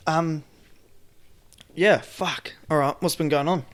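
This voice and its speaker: A man's voice: a little high, fairly even intonation, takes it slowly, fairly bright tone. An Australian man co-hosting a podcast in loose, sweary, joking casual chat. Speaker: podcast co-host.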